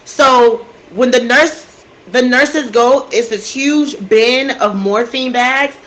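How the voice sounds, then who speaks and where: A woman's voice: on the high side, slow, a bit bright, low-quality recording. A woman telling a true crime story casually into a desk microphone, getting emotional and outraged and talking straight to her listeners.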